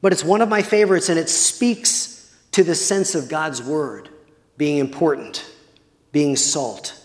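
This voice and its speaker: A man preaching a sermon as pastor, measured and deliberate, sometimes putting questions to the congregation. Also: a little high, darkish tone. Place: church. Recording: long hall reverb.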